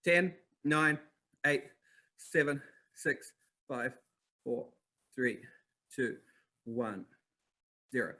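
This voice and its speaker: A man with a New Zealand accent hosting a live online masterclass, upbeat and energetic, talking straight to viewers in chat. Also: medium pitch, drawn-out words, pauses often. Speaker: webinar host.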